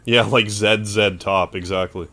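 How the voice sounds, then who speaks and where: A man with a Canadian accent streaming a game, chatting casually and thanking viewers with excitable outbursts. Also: fairly low pitch, measured pace. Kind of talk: casual gameplay commentary, thanking chat.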